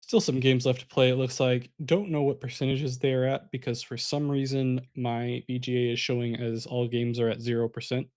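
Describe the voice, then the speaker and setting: A man's voice: mid-range voice, level tone, normal speed, hardly any pauses, a little mellow. Casual, chatty male card-game caster. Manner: casual, chatty, addresses the live chat. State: sleepy, yawning. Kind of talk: live esports card game commentary.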